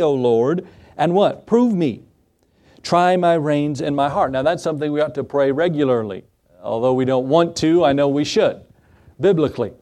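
A man's voice: a little high, dark tone. Earnest man preaching a sermon. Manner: earnest preaching, asks the congregation questions. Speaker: pastor. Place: church.

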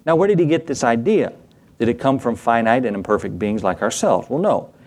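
A man's voice: mid-range voice, lively intonation, brisk, darkish tone. Man preaching a conversational sermon. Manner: conversational, asks the congregation for responses; acts out little skits in quoted voices. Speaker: pastor. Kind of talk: sermon teaching.

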